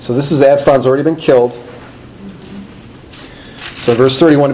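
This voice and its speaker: A man teaching a Bible passage in a loose, conversational way, at a medium pitch. He retells the story with animated asides and reads verses aloud. A faint hum of noise sits behind him. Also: normal speed, long pauses, poor audio.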